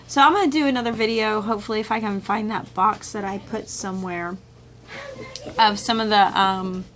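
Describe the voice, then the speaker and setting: A middle-aged woman chats to her camera at home about homeschool materials, animated and expressive as she acts out quotes. Her pitch sits in the middle range, and a faint background noise runs under her voice. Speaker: homeschool vlogger. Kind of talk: casual chat, showing a curriculum haul. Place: home room with children nearby.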